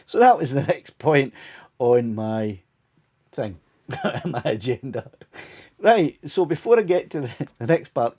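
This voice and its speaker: A man's voice: medium pitch, warm tone. A Scottish man of about sixty hosting a casual live stream chat, rambling along with many restarts and little chuckles while his voice tires. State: voice tiring, fading.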